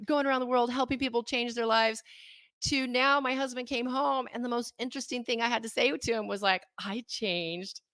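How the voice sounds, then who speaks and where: A woman in her thirties, a guest on an interview, telling a candid personal story with animated, self-mocking delivery. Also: on the high side, a little fast, no room sound, studio quality. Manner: animated, acts out her own past thoughts in quotes. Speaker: interview guest, life coach.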